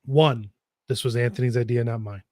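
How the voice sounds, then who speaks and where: A man's voice: medium pitch, fairly even intonation, normal speed, a little mellow, no room sound. Wry male co-host, dry close sound. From Minnesota. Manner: wry, reacting with quips. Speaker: podcast co-host. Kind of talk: casual chat.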